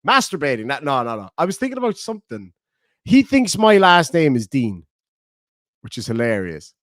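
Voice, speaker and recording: Animated high-voiced Irish man. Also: normal speed, no room sound, studio quality. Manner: swearing, bantering, laughing often. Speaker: livestreamer reading donations. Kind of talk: casual livestream chat.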